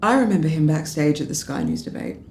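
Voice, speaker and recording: A woman's voice: low-pitched, huge pitch swings, quick pace, darkish tone, echoey room. An actress playing a drunk Australian political media adviser, bitter and sarcastic as she rambles through a story. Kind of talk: film drama dialogue.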